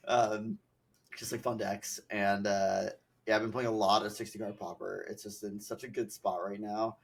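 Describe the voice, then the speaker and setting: A man's voice: lowish voice, flat delivery, a little slow, creaky. A young man who is a podcast host, chatting casually and rambling with many fillers, a bit stuffy from allergies. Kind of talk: casual chat.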